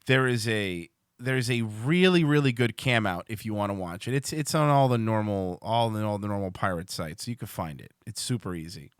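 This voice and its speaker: A man's voice: on the low side, lively intonation, a little fast, hardly any pauses, clear, resonant tone, no echo, studio quality. A man hosting a livestream show, rambling and swearing casually as he chats to viewers. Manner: rambling, profane, restarts a lot.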